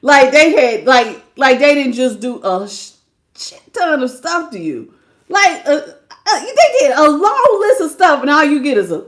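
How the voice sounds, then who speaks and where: Animated laughing woman tarot reader. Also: high-pitched, normal speed. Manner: animated, laughing, slangy, acts out quotes. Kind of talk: live tarot reading stream.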